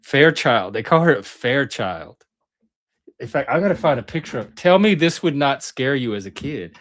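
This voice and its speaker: A man's voice: mid-range voice, very animated, moderate pace, fairly bright tone. A middle-aged man hosting his channel, reminiscing in a chatty, rambling way that often breaks off mid-sentence. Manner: rambling, self-interrupting, chatty. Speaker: channel host. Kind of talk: casual reminiscing monologue.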